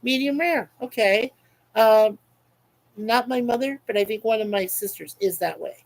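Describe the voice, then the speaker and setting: A man's voice: sits high, normal speed, gravelly, rough recording. A man hosting a casual webcam livestream, reading out chat comments in a rambling, chuckling, repetitive way. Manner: rambling, chuckling, repeats himself.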